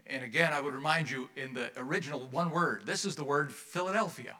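A male pastor delivers a sermon to his congregation in a church. His voice is bright and forward, and he keeps the tone conversational, putting questions to the listeners and slipping in wry asides. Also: on the high side, a little fast.

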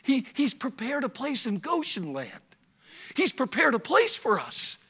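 A man's voice: very high-pitched, huge pitch swings, unhurried, pushed and bright, breathy edge, voice pushed up, exaggerated voice. A male preacher voicing an eager grown son who insists on telling his father news. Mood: urgent insistent. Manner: urgent, insistent, rising to fervor.

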